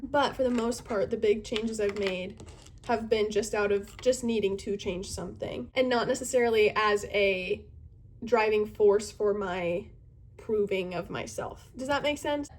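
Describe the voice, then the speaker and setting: A woman in her twenties, a youth group leader, chatting casually and earnestly to camera, with many fillers and thoughtful pauses. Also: mid-range voice, darkish tone. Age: 20s.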